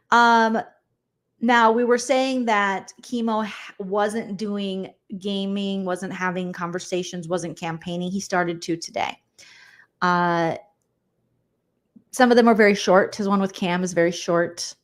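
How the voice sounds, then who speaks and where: A woman's voice: mid-range voice, fairly even intonation, measured pace. A woman hosting a casual livestream recap, chatty and rambling, often acting out quotes. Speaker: host.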